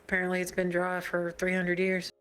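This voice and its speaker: A woman's voice: fairly low pitch, monotone, fairly quick, a bit bright, clean tone, faint music behind, lightly acted. A woman playing a dry, sarcastic soldier. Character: sarcastic, weary female soldier specialist. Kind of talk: live virtual-world role-play.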